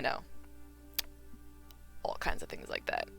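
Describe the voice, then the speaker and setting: A woman's voice: low voice, big pitch swings, unhurried, vocal fry, long pauses, a bit bright, soft background music. A woman with a Midwestern American accent chatting casually on a live stream while she crafts, rambling and filling with "like" and "you know.".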